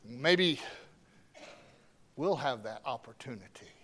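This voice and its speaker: A man preaching a sermon with strong emphasis, swinging between loud declarations and hushed asides. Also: medium pitch, expressive, slow pace, a little hiss or hum.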